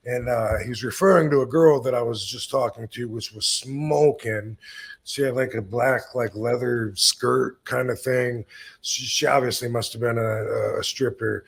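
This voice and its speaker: A man's voice: medium pitch, fairly even intonation, moderate pace, creaky, slightly rough. A man in his fifties telling a long, rambling story in casual chat, swearing freely and laid-back. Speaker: podcast host telling stories.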